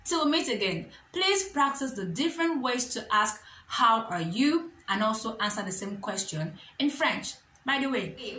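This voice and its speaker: A woman teaching a beginners' language lesson, repeating each phrase slowly and carefully, with light laughs between examples. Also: a little high, lively intonation, pushed and bright, faint music behind. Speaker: French teacher. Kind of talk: slow, clear language lesson. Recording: echoey room with faint ambient noise.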